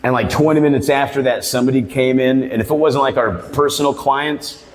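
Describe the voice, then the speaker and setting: A man's voice: mid-range voice, steady tone, a little fast. Rambling, profane male stand-up comedian. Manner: rambling, profane, laid-back storyteller. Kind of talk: stand-up storytelling. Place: barbershop comedy show. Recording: long reverb of a live room.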